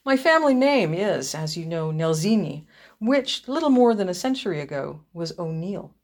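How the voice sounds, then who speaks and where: A woman's voice: on the low side, big pitch swings, normal speed, darkish tone. A woman reading the lines of a solemn, dignified count in a ghost story. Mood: proud. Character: solemn Italian count of Irish descent, man.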